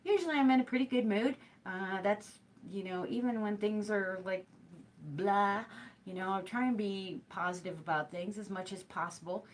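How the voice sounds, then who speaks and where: A woman's voice: mid-range voice, normal speed, slight background noise. A middle-aged woman hosts a live hooping show, chatting straight to her viewers. She rambles through her stories with plenty of fillers, restarts and asides. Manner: rambling storytelling with many fillers. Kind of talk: casual chat to a live stream.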